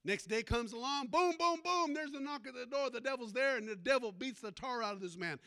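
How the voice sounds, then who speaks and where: A man's voice: extremely high pitch, brisk, pushed and bright. A male pastor preaching a sermon, telling a story and calling out to the congregation for amens. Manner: storytelling preacher with call-and-response.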